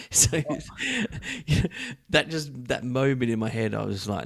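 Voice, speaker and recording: A man's voice: medium pitch, animated, slow, creaky, a bit bright, slightly rough. An Australian man hosting a casual podcast chat, rambling with many fillers and restarts and swearing freely. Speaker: podcast host.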